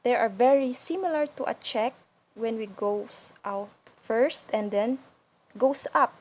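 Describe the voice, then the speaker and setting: A woman language teacher gives a slow instructional lesson, explaining sounds one by one at an unhurried pace. Her voice sits a little high, soft and breathy, and she patiently demonstrates each sound slowly and repeats it.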